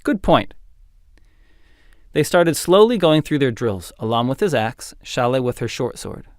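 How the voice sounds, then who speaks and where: A man narrating a fantasy audiobook in an expressive, dramatic storytelling style. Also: mid-range voice, moderate pace, dry recording, studio quality. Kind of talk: scripted narration.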